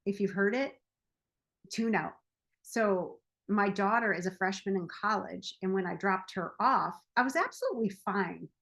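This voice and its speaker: A woman in her forties talks in a loose, chatty way, as a self-help coach. She laughs often and tells her story with lively animation. Her voice sits at a middling pitch for a woman. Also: normal speed, vocal fry. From United States. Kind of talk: casual monologue.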